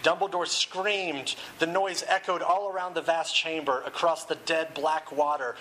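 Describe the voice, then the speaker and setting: A male pastor delivers a sermon with a bright, forward voice, quick and casual. He throws out rhetorical questions and jokey asides, and sits a touch above the usual male pitch. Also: level tone, rough recording.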